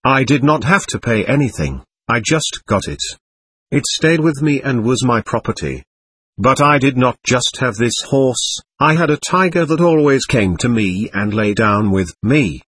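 Husky man narrating slowly. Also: mid-range voice, expressive, a bit bright, no echo. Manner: slow, measured, dictating with spoken "dot" after sentences. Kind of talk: first-person spoken narration.

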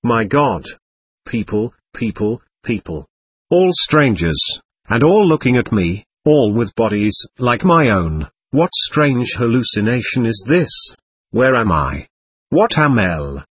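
A man reading the part of a guilty, panicked man who has just died, with a slightly husky voice. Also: mid-range voice, very animated, unhurried, no room sound. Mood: bewildered. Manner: frantic, pleading.

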